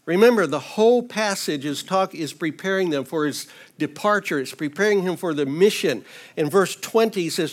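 A man's voice: high-pitched, animated, normal speed. A man teaching through a Bible passage verse by verse in an informal, earnest way, with touches of light humor.

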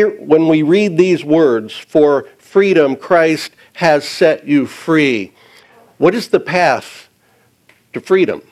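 Guy preaching real slow and careful, kinda high voice, hammers the key words over and over. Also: darkish tone, low-quality recording. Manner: deliberate, repeats and stresses key words. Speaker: pastor. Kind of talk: sermon.

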